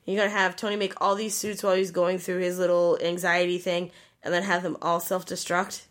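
A woman's voice: lowish voice, level tone, a little fast. A woman co-hosting a casual podcast, ranting animatedly and swearing freely. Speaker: podcast co-host.

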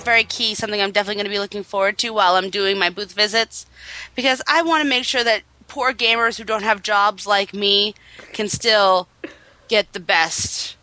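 A young woman co-hosting a casual gaming podcast, giggly and quick to protest when teased. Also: mid-range voice, fairly even intonation, bright, forceful tone, dry recording, low-quality recording. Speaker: podcast co-host.

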